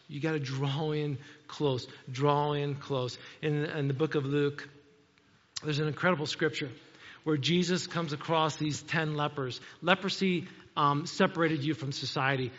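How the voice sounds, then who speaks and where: A man preaching a sermon as pastor, telling animated stories and often asking "okay?". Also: a little high, in a large hall, dull audio. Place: church.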